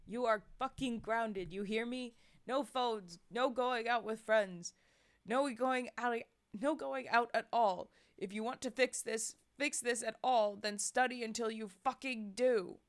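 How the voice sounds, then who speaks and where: A woman reading the part of a furious father who shouts harshly at his teenage daughter. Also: a little high, a little slow, lightly acted.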